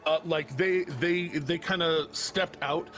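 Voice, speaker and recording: A man's voice: fairly high pitch, fairly even intonation, slow pace, a bit bright. A man narrating as game master of a tabletop game, rambling with lots of restarts and fillers. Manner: rambling, full of uh and restarts, chuckling.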